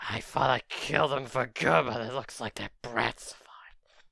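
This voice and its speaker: A man voicing a hot-headed one-eyed male villain, yelling in frustration. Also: medium pitch, measured pace, creaky, no echo, studio quality, voice pushed down, heavily acted. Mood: bitter.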